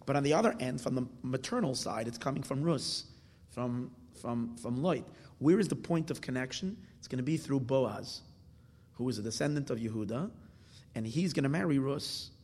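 In a husky, slightly breathy voice of medium pitch, a man gives a Torah class explaining verses, with lively intonation, a moderate pace and a slightly mellow tone. He asks questions and answers them himself, mixing Hebrew terms into English amid restarts and fillers. A long reverb tail suggests a large hall.

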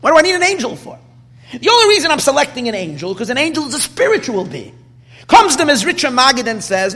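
Male Torah teacher, high and very lively voice, long hall echo. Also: fast talker. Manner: animated, questioning, restarts often. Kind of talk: Torah class lecture.

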